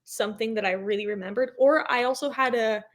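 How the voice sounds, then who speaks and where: A young woman with an American accent chats easily as a podcast guest. Her voice sits a little high, and she laughs often and scatters fillers through her talk. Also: fairly quick. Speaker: guest, motocross racer. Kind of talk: casual interview chat.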